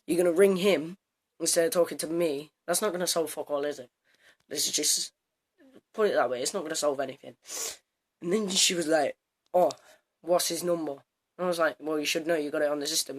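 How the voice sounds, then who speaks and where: A teenage boy telling a story to camera in a casual vlog, animated and swearing, acting out both sides of an argument. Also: a little high. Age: teens. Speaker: student vlogger.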